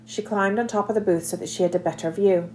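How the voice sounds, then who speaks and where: A woman narrating a children's novel aloud in an expressive, scripted reading. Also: mid-range voice, fast talker, slight background noise. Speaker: audiobook narrator.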